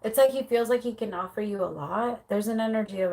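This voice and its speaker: A woman's voice: mid-range voice, brisk, creaky, rough recording. A woman doing a casual live tarot reading, talking loosely with lots of fillers and acting out what the man thinks. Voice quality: lively, voices the client's partner with swearing. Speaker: tarot reader.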